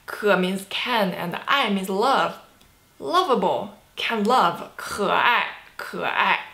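A woman from China with a Chinese accent, teaching a cheerful online language lesson, laughing often and repeating words slowly for practice. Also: medium pitch, animated, pushed and bright, reverberant. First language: Mandarin Chinese.

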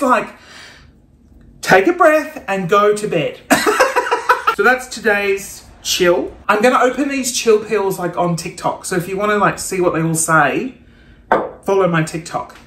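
A young man vlogging a casual shopping haul, playful and self-mocking, with sudden excited gasps. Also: high voice. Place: room at home. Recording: roomy home recording.

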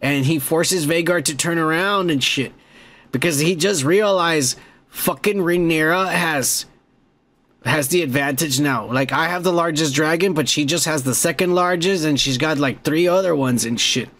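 A young man hosting a podcast, rambling and swearing excitedly as he reviews a show episode. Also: on the high side, moderate pace. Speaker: podcast host. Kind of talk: casual profane show review.

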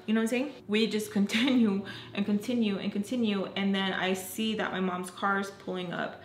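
A woman's voice: mid-range voice, steady tone, a little fast, few pauses. A young woman chatting casually as she tells a personal story, emphatic and acting out quoted lines. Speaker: storytelling vlogger. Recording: roomy with faint ambient noise.

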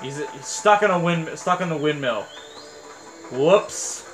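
Man, let's play commentary, rambling, excitable, somewhat high voice, game music underneath. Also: measured pace. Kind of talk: casual gameplay commentary.

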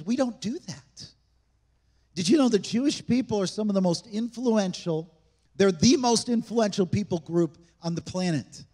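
In a church sanctuary, a male pastor preaches an emphatic, conversational sermon, often throwing rhetorical questions at the congregation. His voice is high with a darkish tone, and the sound carries a big-room quality.

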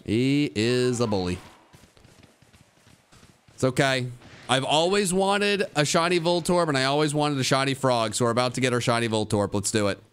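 A man streaming a video game live, muttering to himself and joking with chat, sometimes breaking into high-pitched yelling. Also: brisk, clean tone. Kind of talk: live gameplay commentary.

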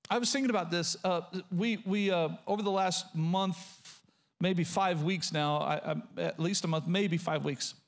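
A middle-aged pastor preaches with a notably high, light voice. He slows down to read scripture line by line and keeps coaching his congregation to underline and write things down. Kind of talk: sermon.

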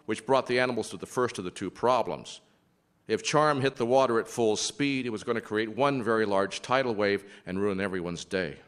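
Guy with a lowish voice telling an animal story, dry funny asides. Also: moderate pace, clear, resonant tone. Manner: wry asides, playful humor. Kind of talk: storytelling narration.

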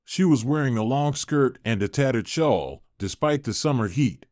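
A man narrating a fairy-tale story in a measured, expressive way. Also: medium pitch, no room sound, studio quality.

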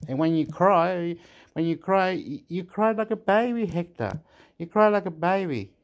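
A man rambles through a casual monologue. He swears freely and slips into now and then. His voice sits a little high for a man. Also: animated, normal speed. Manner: swearing, rambling, mixes English and Spanish.

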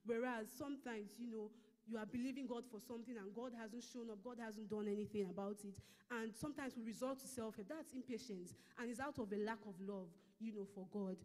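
A woman with a Nigerian English accent giving a measured Bible lesson at a church service, reading scripture slowly and explaining it. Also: on the high side, darkish tone, big-room sound. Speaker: church minister teaching a lesson. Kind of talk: sermon-style Bible teaching.

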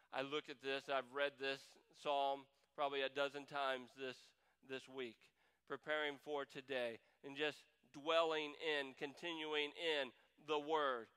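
A man preaches a sermon in a church sanctuary, his voice bright and forceful. He reads scripture aloud and swings from hushed, heavy phrases to loud, pleading cries. His tone stays smooth and resonant throughout. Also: mid-range voice, flat delivery, unhurried, low-quality recording. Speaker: pastor.

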